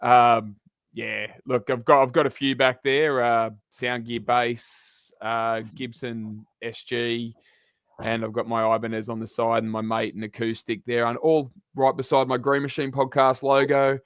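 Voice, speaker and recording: A man, a guest on a sports podcast, chatting in a relaxed, rambling way. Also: mid-range voice, a little slow, clean tone, no echo. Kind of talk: casual sports podcast chat.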